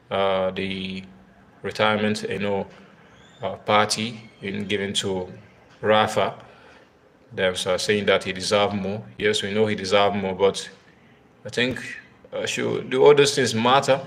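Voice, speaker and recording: A man talks tennis on a live video in a low, gravelly voice. He speaks in halting bursts full of fillers and repeated words. He keeps turning to his viewers to ask for their comments. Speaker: tennis live-stream host. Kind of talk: casual live-stream commentary.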